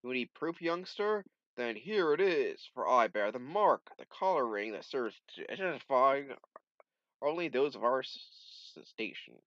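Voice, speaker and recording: A man's voice: medium pitch, sing-song, unhurried, a bit bright, no room sound. A man reading as a proud old island guardian. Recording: dull lo-fi dry recording.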